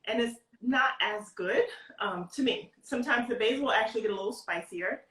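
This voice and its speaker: A fairly high-voiced woman walks through a recipe in a relaxed, chatty way. She sits back from her device in a home kitchen, so her voice comes across distant. The room adds a roomy echo. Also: a little fast. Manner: chatty, explains tips step by step. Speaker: guest cooking demonstrator. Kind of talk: casual cooking demo on a video call. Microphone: video call, stepping back from the device.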